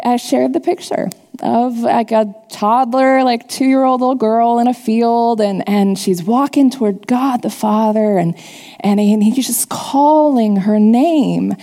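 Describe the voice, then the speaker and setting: Woman preacher, earnest testimony-style sermon, slightly high and warm with a gravelly edge, captured in a reverberant church hall. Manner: earnest, confessional storytelling to a congregation. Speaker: church teacher.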